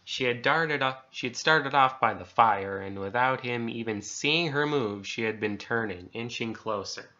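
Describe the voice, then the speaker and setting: A man's voice: mid-range voice, normal speed, few pauses, pushed and bright. A man reading a first-person horror story aloud, with mild stand-ins for swear words and some stumbles and restarts. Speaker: story reader. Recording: dull lo-fi sound.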